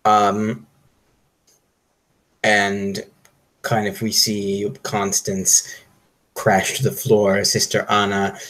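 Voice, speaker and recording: A man playing in a tabletop role-playing game over an online call, describing his character's actions in a slow, thoughtful, hesitant way. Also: on the low side, completely flat delivery, a bit bright, poor audio. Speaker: player. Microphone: online video call.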